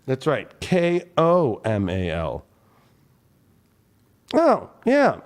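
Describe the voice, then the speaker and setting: A man's voice: medium pitch, huge pitch swings, very slow. A man hosting a tarot and astrology livestream, ranting at his viewers in an angry, heated, profane way. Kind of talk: livestream rant.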